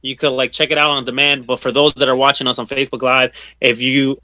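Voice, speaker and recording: Bright-voiced man hosting a podcast. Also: mid-range voice, flat delivery, fast talker, no room sound. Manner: upbeat, announcing plugs to listeners. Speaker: podcast host. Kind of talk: podcast wrap-up and plugs.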